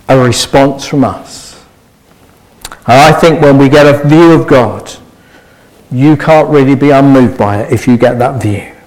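A man's voice: a little high, rough recording. A man preaching a sermon, earnest and pressing his listeners with eager rhetorical questions.

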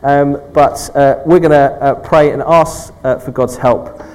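Man, slightly high voice, friendly, chatty, all-age church talk, lots of "okay". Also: steady tone, unhurried, a little mellow, clear, resonant tone, low-quality recording. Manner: friendly, chatty, addresses children, frequent "okay".

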